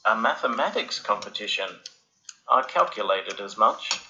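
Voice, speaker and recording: Man doing a genteel witty wife, prim and dry, bright voice, dull lo-fi storybook recording. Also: mid-range voice, expressive, normal speed, a little hiss or hum.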